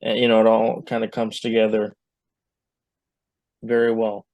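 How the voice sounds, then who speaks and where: Male podcast co-host, low dark gravelly voice, very slow, dry close mic. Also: monotone, dry recording, muffled recording. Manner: slow, gravelly, hesitant with fillers. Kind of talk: casual chat.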